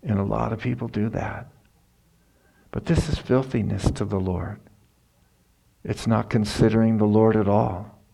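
A middle-aged man preaches in a folksy, storytelling way. His low, gravelly voice takes its time, and he drops into casual asides. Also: fairly even intonation, a little slow, long pauses, warm tone. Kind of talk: sermon.

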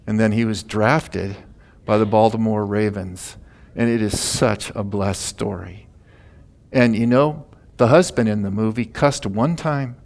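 An older man giving a folksy sermon, telling stories with many "you know" fillers and swinging from soft asides to loud, high bursts. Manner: animated, rises high and loud when stirred, drops soft for asides.

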